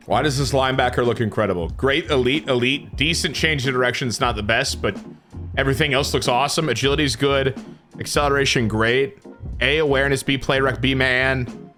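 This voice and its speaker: A man commenting on his own video game play, excitable and dramatic, swinging from shouts to groans. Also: mid-range voice, fairly quick, soft background music. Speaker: gaming YouTuber.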